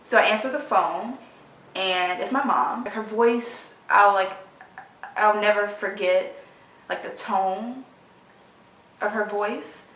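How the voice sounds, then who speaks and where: A woman of about twenty, telling a personal story in a halting, emotional way full of fillers, recorded in her apartment. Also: medium pitch, fairly bright tone, distant mic. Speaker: vlogger. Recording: roomy sound, voice from off the mic.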